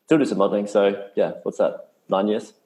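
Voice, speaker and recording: A man's voice: on the low side, fairly even intonation, fairly quick, warm tone. A young Australian man talking as a podcast guest in a loose, sarcastic, laid-back way, swearing freely. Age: young adult. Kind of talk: casual interview chat. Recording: roomy echo.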